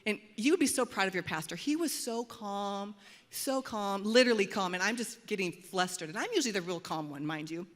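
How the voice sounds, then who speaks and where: A middle-aged woman pastor delivers a sermon in a church auditorium, her voice at a middle pitch. She tells stories in an animated, dramatic way. The sound carries a long reverb from the hall. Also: brisk. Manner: animated, dramatic storytelling with acted quotes. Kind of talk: sermon with storytelling.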